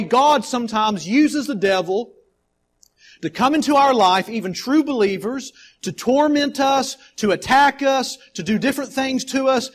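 A man preaching a sermon as a pastor in a church, swinging between forceful emphasis and quiet, drawn-out phrases. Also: sits high. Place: church sanctuary.

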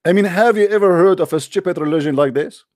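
A man's voice: high-pitched, quick pace, darkish tone, no room sound, clean studio sound. A man hosting a heated online debate, mocking and combative, often talking over his opponent. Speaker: debate host.

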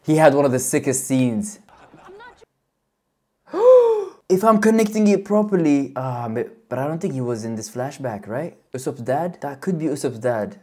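A woman hosting a reaction video, talking casually in an excitable, slangy way and laughing often. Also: very deep voice, moderate pace, husky.

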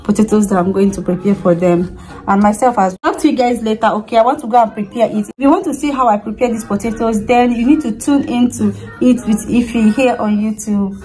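A woman's voice: a little high, brisk, warm tone, soft background music, poor audio. A woman in her thirties with a Nigerian accent, chatting casually to her viewers in a home vlog. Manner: chatty, addresses viewers directly. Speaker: vlogger and stay-at-home mother.

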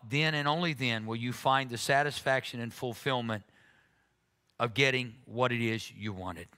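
A man's voice: medium pitch, bright, forceful tone. A man preaching a sermon as pastor, earnest, often repeating words when he is moved. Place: church sanctuary.

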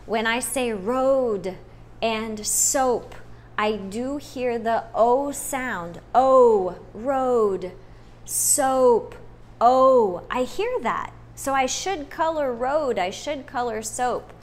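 A woman's voice: a little high, a little hiss or hum. A woman teaching a first-grade phonics lesson, switching between English and Spanish and stretching out vowel sounds. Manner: repeats each step in English then Spanish, stretches words slowly; emphatic "no" and drawn-out vowel sounds.

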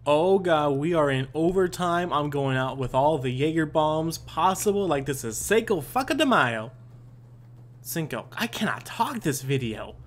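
A young man narrates his own gameplay in a lively, up-and-down voice that jumps high when things go wrong. He swears freely and mocks himself with quick laughs. A faint hiss of noise sits under the desk-mic recording. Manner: excitable, swearing, yelps and self-mocking laughs. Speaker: gaming YouTuber. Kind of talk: let's play commentary.

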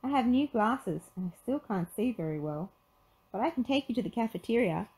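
A woman voicing a clumsy, nearsighted museum guard who talks in a high, flustered, hurried way. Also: lively intonation, dark tone, breathy edge, poor audio.

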